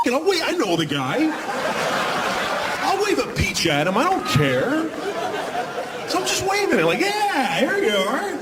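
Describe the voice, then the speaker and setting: A man in his forties works through a stand-up set, rambling and poking fun at himself while acting out little scenes. His voice sits high and swings widely in pitch. It is a live concert-hall recording, with a loudly laughing audience and heavy noise behind him. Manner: rambling, self-deprecating, acts out scenes. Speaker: stand-up comedian. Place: large concert hall stage. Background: loud laughing audience.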